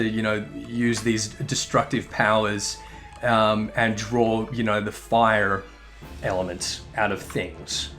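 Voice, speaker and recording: A man giving casual, rambling gameplay commentary, swearing and correcting himself as he goes. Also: mid-range voice. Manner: rambling, profane, self-correcting. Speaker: game commentator.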